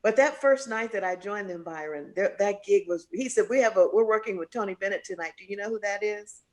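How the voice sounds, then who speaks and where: A woman spinning a story in a conversational interview, jumping high and low as she acts out the people she quotes. Her speaking voice sits in a middle register and her delivery is lively and expressive. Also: brisk. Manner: animated storyteller, acts out quoted voices with big pitch jumps. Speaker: jazz singer, guest.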